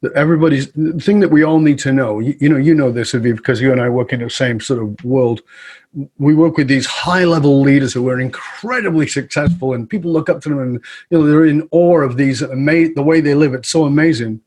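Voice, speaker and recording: A man's voice: mid-range voice, a little fast, slightly rough. A middle-aged man as a podcast guest, telling a story in conversation and acting out the voices of the people he quotes. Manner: animated, acts out quoted voices.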